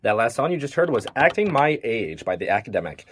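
A man's voice: medium pitch, very animated, fairly quick, a little hiss or hum. A young man hosting a college radio show, telling rambling stories full of fillers in a casual chat from a studio mic. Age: young adult. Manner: rambling, filler-heavy storytelling.

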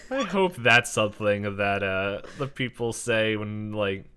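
Brief: male co-host, deep and animated, playful banter. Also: a little slow, smooth. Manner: laughs often, reads quotes aloud. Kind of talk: casual chat.

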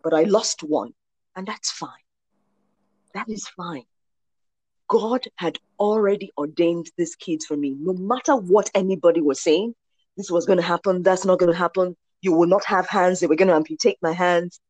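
Animated woman in her forties. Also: fairly low pitch, normal speed, dry recording. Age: 40s. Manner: animated storyteller, acts out quoted voices. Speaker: guest sharing a testimony. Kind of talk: personal faith testimony.

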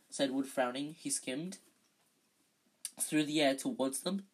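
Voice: mid-range voice, takes it slowly, low-quality recording. An amateur reader reading a children's novel aloud, unpolished, often stumbling and correcting themselves. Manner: unpolished, frequent slips and self-corrections.

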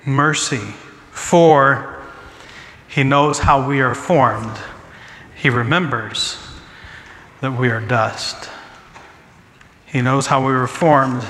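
A man's voice: mid-range voice, steady tone, takes it slowly, long pauses, bright, forceful tone, slight background noise. A man preaching as pastor, earnest, often restarting and repeating his phrases as he speaks. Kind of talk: sermon with congregation Q&A. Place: church sanctuary. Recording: long church hall reverb, faint ambience.

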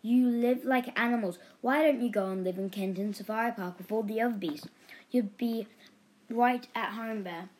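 A woman voicing a grumpy, disgusted male neighbour in a storybook reading, speaking loudly and with scorn. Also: medium pitch, normal speed, slight background noise, lightly acted, rough recording.

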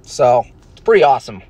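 A man's voice: medium pitch, vocal fry, darkish tone, breathy edge. A man delivering a casual ranting monologue, profane and rambling, with emphatic asides. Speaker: vlogger.

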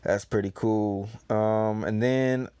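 A man's voice: lowish voice, fairly even intonation, slow pace, dark tone, clean tone, no room sound. Rambling man reviewing a comic. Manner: rambling, filler-heavy. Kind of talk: casual comic read-through and review.

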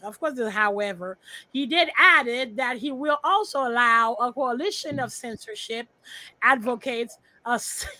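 A woman co-hosts a podcast in a bright, forceful voice on the high side, with lively intonation and a measured pace. She chats casually while sorting files on screen, blunt and profane and muttering to herself. The recording is rough.

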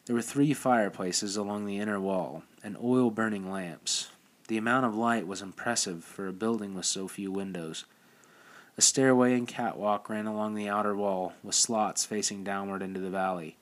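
Low-voiced man reading a novel aloud. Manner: steady, measured reading with small restarts. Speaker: audiobook narrator. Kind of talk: scripted narration.

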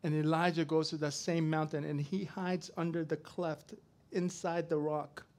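A middle-aged man preaching a sermon, swinging from loud to soft as he tells a story. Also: a little high, little pitch movement, moderate pace. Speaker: pastor.

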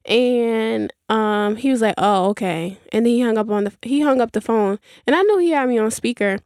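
A woman's voice: fairly high pitch, normal speed, a little mellow, clear, resonant tone, no echo, clean studio sound. A young woman hosting a podcast, telling a rambling story in casual chat with many fillers and asides. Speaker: podcast host.

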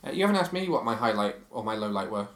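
A man's voice: on the low side, very animated, rapid-fire, a bit bright, echoey room. A man co-hosting a casual chat about a TV show, opinionated and chatty. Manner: chatty, opinionated, reads quotes aloud. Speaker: podcast co-host.

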